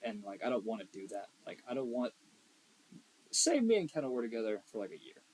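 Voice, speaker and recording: A young man co-hosting a podcast in casual chat, blunt and profane, swinging between loud emphasis and quiet asides. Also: fairly low pitch, big pitch swings, a little fast, slightly rough, poor audio. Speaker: podcast co-host.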